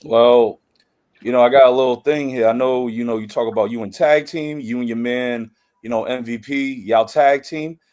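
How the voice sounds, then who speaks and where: A man co-hosting a podcast, chatting casually in an excitable, playful way with sudden bursts of emphasis. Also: mid-range voice, moderate pace. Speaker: podcast co-host. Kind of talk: casual interview chat.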